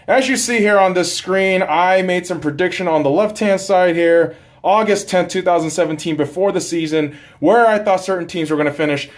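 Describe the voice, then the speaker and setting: Young man hosting a casual football season review, ranting with lots of swearing. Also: fairly high pitch. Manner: profane, animated ranting. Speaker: host.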